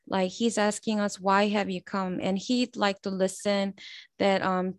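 Halting woman sharing a faith reflection. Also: mid-range voice, no room sound. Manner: halting, with many fillers and restarts. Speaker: prayer group member sharing a meditation. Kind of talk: spoken faith reflection with a read excerpt.

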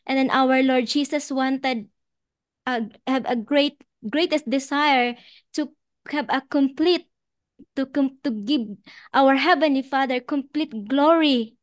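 A religious sister from the Philippines, sharing spiritual reflections in a hesitant, soft-spoken way with many fillers. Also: female voice, sits high, slow, no echo.

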